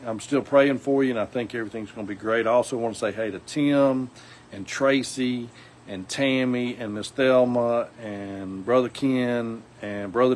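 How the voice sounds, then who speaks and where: A man's voice: on the low side, low-quality recording. Southern man, folksy rambling vlog talk, lots of ums and restarts, faint outdoor hiss behind him. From South Alabama. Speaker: outdoors vlogger. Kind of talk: casual talk to camera.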